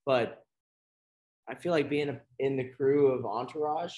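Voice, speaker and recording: Male co-host, relaxed chatter, mid-range voice, easygoing. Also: medium pitch, a little slow. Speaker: podcast co-host. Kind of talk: casual chat.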